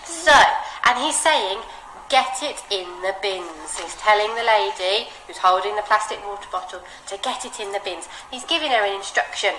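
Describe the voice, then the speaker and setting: A woman with an English accent teaching a child to read aloud, modelling phrases with big, expressive changes of voice and lots of encouragement. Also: mid-range voice, moderate pace. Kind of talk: one-to-one reading lesson with a child. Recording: echoey room with background noise.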